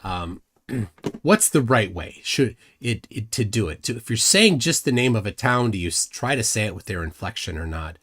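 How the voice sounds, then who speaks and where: A man's voice: lowish voice, sing-song, normal speed, fairly bright tone. A middle-aged man hosting a live stream, rambling and self-deprecating with many restarts. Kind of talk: casual live commentary.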